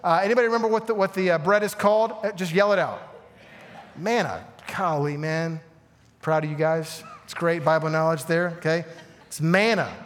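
A man preaching a sermon to a congregation, animated, with asides and questions to the room. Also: on the high side, normal speed, big-room sound. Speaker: pastor.

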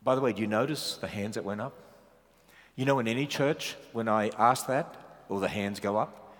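A man with an Australian accent, a guest speaker preaching a sermon, animated and full of rhetorical questions and joking asides. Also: lowish voice, moderate pace. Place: large church hall. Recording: long hall reverb.

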